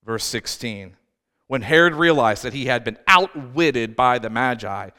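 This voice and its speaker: A man's voice: medium pitch, animated, unhurried, bright, forceful tone. A man preaching a sermon as pastor, telling the story in a conversational way with asides. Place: church. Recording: reverberant church hall with faint music.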